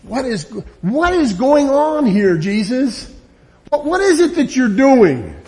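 A man preacher voicing an exasperated Roman governor who loudly demands answers and lists his grievances in indignant outbursts. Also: extremely high pitch, big pitch swings, slow pace, voice pushed up, full character voice. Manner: loud, pleading, indignant outbursts.

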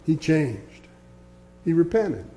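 A man preaching a sermon in an earnest way, with a mellow, warm tone that sits a little high for a man. He reads scripture aloud and lets his voice sink low and soft on his key points. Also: big pitch swings, slow pace.

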